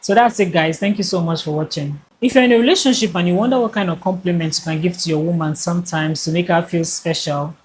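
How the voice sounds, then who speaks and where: A woman's voice: lowish voice, fast, few pauses, a little hiss or hum. A woman giving casual dating advice straight to the viewer in a direct, conversational way. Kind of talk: casual advice talk to camera.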